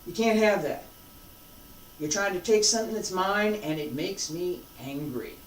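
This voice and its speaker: A martial arts instructor teaching a live class, emphatic and repetitive, swinging between loud and hushed. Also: medium pitch, moderate pace, a little hiss or hum. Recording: roomy sound from a distant mic.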